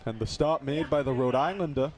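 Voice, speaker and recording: A man doing live play-by-play commentary on a college football game, lively and jokey. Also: medium pitch, fairly quick. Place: outdoor football stadium broadcast booth.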